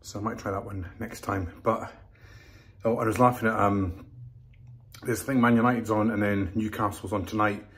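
A man's voice: lowish voice, steady tone, normal speed, husky. A man, chatting casually to viewers in a travel vlog. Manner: chatty, addresses viewers as folks. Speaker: travel vlogger.

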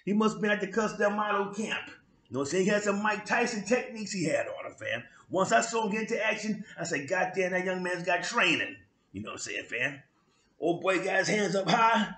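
A man with a New York accent tells a story on his own vlog in casual street slang. His voice sits high and sounds bright and forceful, dotted with loud bursts and sound effects. The room around him is echoey. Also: fairly quick. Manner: animated street slang with frequent "you know what I'm saying". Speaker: vlog host.

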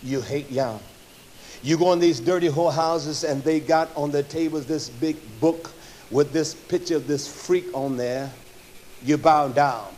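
High-voiced man preaching a fiery sermon. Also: unhurried, a little hiss or hum. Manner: swings from loud fervent preaching to low, quiet stretches, frequent "uh" fillers.

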